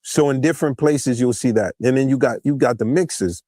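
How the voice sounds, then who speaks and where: A man's voice: mid-range voice, a little fast, dark tone, no room sound, clean studio sound. A man talking casually on a podcast, explaining things loosely and often asking "you know what I'm saying". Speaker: podcast guest.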